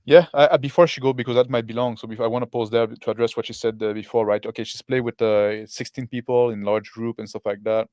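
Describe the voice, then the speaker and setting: A man's voice: mid-range voice, steady tone, quick pace, few pauses, darkish tone, no echo, studio quality. A man giving casual commentary on a video, rambling with lots of fillers and tag questions. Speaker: co-host reacting to a video.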